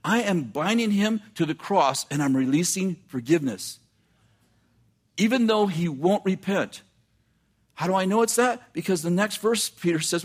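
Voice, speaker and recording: Animated male preacher reading scripture. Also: high-pitched, slightly rough. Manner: animated preaching, reads scripture aloud, quick asides. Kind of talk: sermon.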